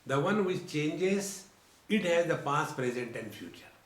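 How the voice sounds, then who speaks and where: Slow, deliberate male spiritual teacher. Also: on the high side, lively intonation. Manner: slow, deliberate, addresses listeners as friends. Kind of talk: religious discourse. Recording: roomy lecture hall.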